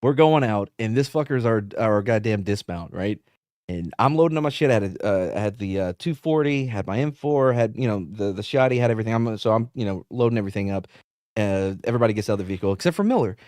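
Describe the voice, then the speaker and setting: A man's voice: on the low side, expressive, fast, darkish tone, dry recording. Profane storytelling man, dry close sound. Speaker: podcast host. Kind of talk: casual storytelling chat.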